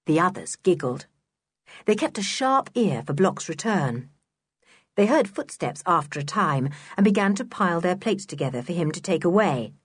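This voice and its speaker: A woman narrating a children's storybook in an expressive, clear reading voice. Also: on the low side, moderate pace, no room sound, studio quality. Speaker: audiobook narrator.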